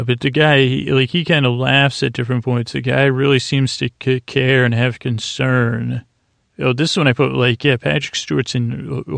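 A man's voice: mid-range voice, gravelly, no room sound. A man casually recapping an episode in a rambling, hesitant way, full of fillers and restarts, reading characters' lines in his own plain voice. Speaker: podcast host recapping an episode.

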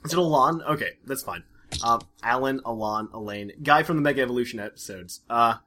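A man's voice: mid-range voice, fairly quick, bright, forceful tone, a little hiss or hum. A man co-hosting a casual podcast, rambling with lots of fillers and restarts. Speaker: podcast co-host.

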